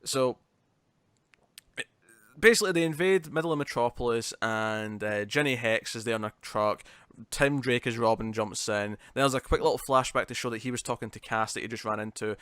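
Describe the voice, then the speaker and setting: A man with a British accent co-hosting a comic book podcast, retelling a story in a lively, chatty way with quick restarts. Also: mid-range voice, clear, resonant tone, dry recording. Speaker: podcast co-host. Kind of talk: casual comic review chat.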